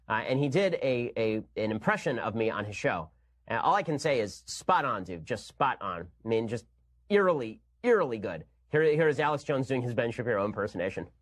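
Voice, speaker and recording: Rapid-fire sarcastic male commentator. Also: medium pitch. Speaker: political commentator. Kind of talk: commentary monologue.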